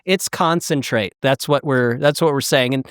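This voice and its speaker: A middle-aged American man from the South and Midwest, hosting a casual podcast chat and talking in halting restarts with many fillers. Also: medium pitch, clean tone, no room sound, studio quality. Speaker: podcast host.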